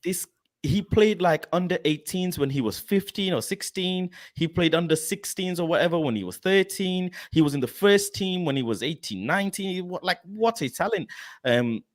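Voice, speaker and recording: A man hosting a live football fan talk show, chatty and quick to laugh. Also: high-pitched. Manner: chatty, laughing, animated questions. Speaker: host.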